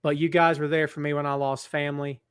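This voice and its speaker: This middle-aged man runs a wrestling show from a large building, greeting viewers by name in casual live-stream chat, earnest and somber in serious moments. He speaks quickly with a flat delivery; his slightly high voice is smooth and a bit bright, with no room sound, clean studio audio, and a webcam setup.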